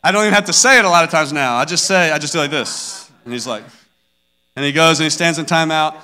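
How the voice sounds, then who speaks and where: Man in his thirties, slightly higher voice with a bright edge, earnest devotional storyteller who acts out scenes. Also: fast talker, smooth. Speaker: father sharing a devotional message. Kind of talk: personal devotional talk.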